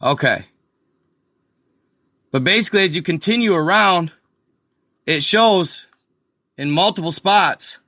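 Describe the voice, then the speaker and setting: A man's voice: sits high, lively intonation, unhurried, long pauses, pushed and bright, dry recording, studio quality. A man hosting a casual screen-share video, talking straight to his viewers with restarts and frustrated asides. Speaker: video host.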